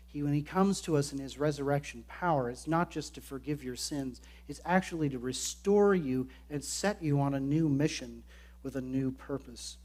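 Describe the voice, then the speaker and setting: A man's voice: fairly high pitch, unhurried, darkish tone. A man preaching a sermon in an earnest way, slipping into quoted voices as he explains the passage. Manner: earnest, acts out quoted lines. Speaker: pastor.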